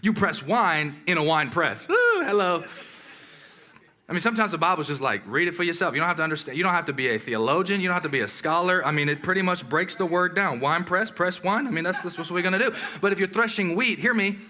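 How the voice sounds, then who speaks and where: A man preaching a sermon in a lively, conversational way, with exclamations and asides to the congregation. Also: high voice, quick pace, hardly any pauses.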